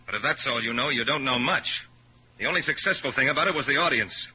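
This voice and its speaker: In a lo-fi old radio recording of a 1950s drama, a man voices a bitter young pianist turning his back on his career, speaking with scorn and sarcasm. His mid-range voice is fast, bright and forceful, with slight background noise.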